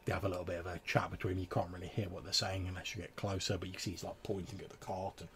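A man's voice: low voice, little pitch movement, racing, fairly bright tone, a little hiss or hum. A man narrating a tabletop game as game master, rambling through descriptions full of fillers.

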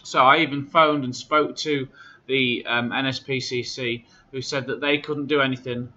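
A man in a casual vlog, aggrieved and indignant as he retells his calls. His voice sounds bright and edgy. The recording is dull and lo-fi, like a home phone camera. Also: medium pitch, fairly even intonation, normal speed. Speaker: charity runner.

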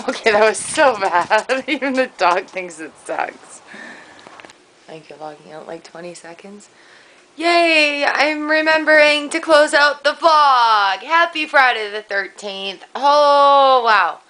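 A woman's voice: sits high, takes it slowly, sharp tone, rough recording. A woman chatting casually in a home vlog, bubbly and giggly. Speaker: vlogger.

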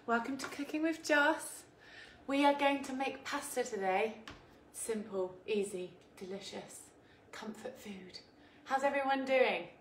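A woman's voice: a little high, unhurried. Chatty woman hosting a cooking stream. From England. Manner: chatty, laughing, greets viewers by name. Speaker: cooking show host. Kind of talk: casual live-stream cooking chat. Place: home kitchen. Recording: echoey kitchen with faint background noise.

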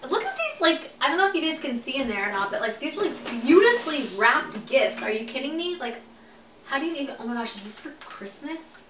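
Bright, gushing young woman vlogging. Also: fairly high pitch, far from the mic. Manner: gushing, giggly, chatty. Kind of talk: casual unboxing vlog. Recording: roomy, off-mic, faint hiss.

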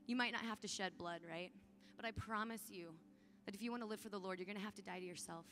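Woman, youth conference speaker; earnest, conversational, pleading, middle pitch. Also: fast talker. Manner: earnest, casual phrasing with frequent "like"; urgent, encouraging appeals to the audience. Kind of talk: youth conference talk and prayer.

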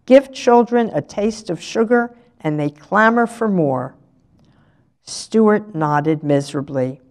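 An older woman reading a novel aloud in a measured, unhurried way. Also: mid-range voice, lively intonation, a little mellow. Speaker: resident reader.

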